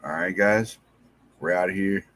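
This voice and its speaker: A married man hosting a podcast, giving casual, rambling shout-outs to listeners and repeating himself in a friendly way. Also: sits low, unhurried, a little hiss or hum. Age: adult, married. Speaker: podcast host.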